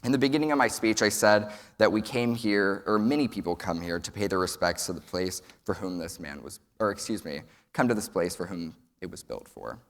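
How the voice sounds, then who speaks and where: A man's voice: low-pitched, a little fast, hardly any pauses. A young man from Texas, giving an earnest prepared speech at a summit and telling a folksy joke. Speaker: student speaker. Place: large event hall. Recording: long hall reverb.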